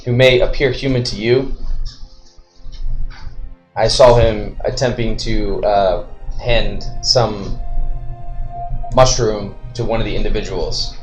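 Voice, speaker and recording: Low-ish guy playing a tabletop game, careful wording, faint music behind. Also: fairly even intonation, slow, long pauses. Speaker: player. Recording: roomy echo, faint music.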